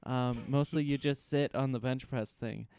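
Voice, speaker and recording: A man co-hosting a podcast in a casual comedic chat, spinning absurd bits with a deadpan manner. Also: medium pitch, normal speed, smooth, no echo, clean studio sound. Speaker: podcast co-host.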